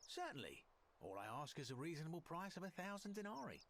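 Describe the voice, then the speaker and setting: An actor playing a shrewd, wry male merchant in an ancient Roman city, speaking in video game dialogue with a smooth, bargaining manner. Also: a little high, very animated, fast talker, fairly bright tone, slight background noise.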